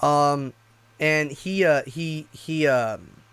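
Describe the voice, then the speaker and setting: Guy streamer rambling thru a story, swears a lot, kinda high voice, dry sound. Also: extremely slow, a bit bright, clean tone, dry recording. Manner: rambling and profane, with frequent restarts. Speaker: YouTube streamer. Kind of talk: casual personal storytelling.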